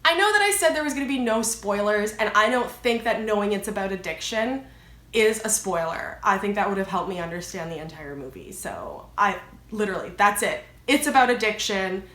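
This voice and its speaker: A woman's voice: mid-range voice, lively intonation, fairly quick, a bit bright. A young adult woman vlogging a casual movie review, chatty and rambling, with lots of filler words. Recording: echoey room.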